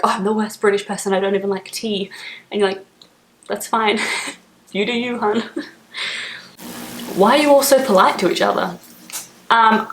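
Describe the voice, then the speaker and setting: A young Australian woman chatting casually to camera as a vlogger, laughing often and filling pauses with "like". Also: medium pitch, reverberant.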